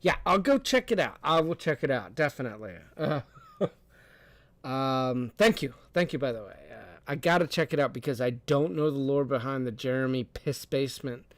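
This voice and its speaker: A man's voice: medium pitch, normal speed, no room sound. A young adult man hosting a livestream, rambling and cursing, laughing often as he reads and answers chat. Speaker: streamer host.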